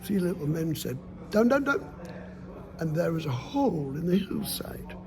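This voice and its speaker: A man tells a folk tale aloud in a high, gravelly voice. He is playful and lively, with sound effects and sudden hushes. He keeps the pace warm and full of play. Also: moderate pace. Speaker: storyteller. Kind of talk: oral folk storytelling.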